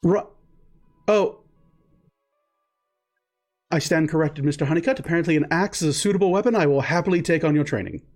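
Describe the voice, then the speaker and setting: A man's voice: a little high, brisk, pauses often, a little mellow, soft background music, close to an everyday voice. A man voicing an eager, polite young male recruit who stammers and speaks formally. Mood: flustered.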